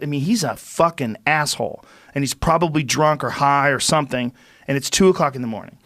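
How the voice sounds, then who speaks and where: Profane, animated middle-aged man telling stories. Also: medium pitch, brisk, dry recording, studio quality. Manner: profane, animated storyteller acting out quotes. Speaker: podcast host. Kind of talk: casual storytelling conversation.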